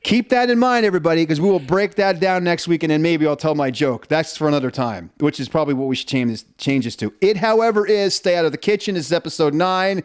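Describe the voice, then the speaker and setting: High-voiced animated male podcast host. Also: fast, few pauses, clean tone. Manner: animated storyteller, jokey, acts out quotes. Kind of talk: casual chat.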